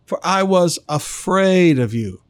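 Brief: a preacher voicing a timid servant, defensive and afraid, slightly raised voice. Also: male voice, sits high, expressive, slow pace, no room sound. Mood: fearful. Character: fearful servant, male adult, timid and defensive.

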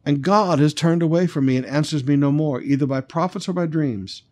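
A man's voice: on the high side, a little fast, a little mellow, lightly acted. A man reading the lines of a distressed, desperate king during a sermon.

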